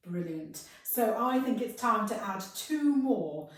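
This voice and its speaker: A woman leading a children's singing warm-up, speaking in an encouraging, sing-song way and acting out animal sounds. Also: mid-range voice, expressive, slow, recorded from a distance. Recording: very echoey room, voice off-mic.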